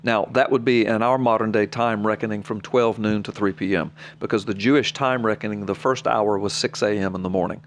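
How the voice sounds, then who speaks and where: A man's voice: on the low side, steady tone, fairly quick, hardly any pauses, a little hiss or hum. A man, a preacher on a podcast, reading scripture aloud and explaining it plainly to his co-host in an earnest, personal way. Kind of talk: podcast Bible teaching.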